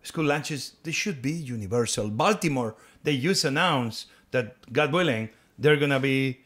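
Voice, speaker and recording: A man's voice: mid-range voice, lively intonation, normal speed, a bit bright. A man hosting a podcast interview, asking long questions and often searching for words and restarting phrases. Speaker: podcast host.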